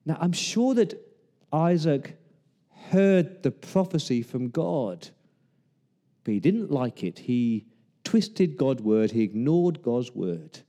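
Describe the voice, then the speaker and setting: A male pastor preaches a sermon in a medium-pitched, warm voice, speaking slowly but with great animation. He retells Bible scenes with humor, acting out the lines of the people in them. The recording carries a long hall reverb.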